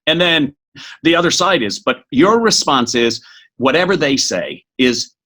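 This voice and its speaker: A middle-aged man speaking as a podcast guest, giving an energetic motivational talk that is quick and full of restarts. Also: a little high. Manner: energetic, fast, with many restarts.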